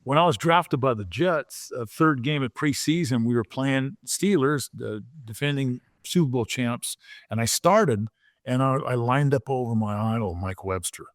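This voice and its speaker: A man in his sixties, a former pro football player, telling stories as a podcast guest in an animated way, often repeating words and acting out quotes. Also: medium pitch, moderate pace, dry recording, clean studio sound. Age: 60s. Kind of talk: conversational storytelling.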